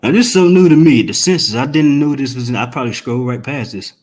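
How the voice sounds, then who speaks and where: A man ranting on a casual live stream, profane and emphatic, firing off rhetorical questions in quick rambling bursts. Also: mid-range voice, darkish tone. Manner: fast rambling outbursts.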